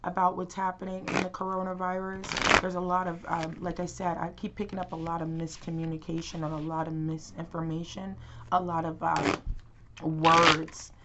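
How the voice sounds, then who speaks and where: A woman's voice: lowish voice, little pitch movement, normal speed, very noisy. A young woman doing a casual tarot reading to camera, rambling through many fillers and restarts. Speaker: tarot reader.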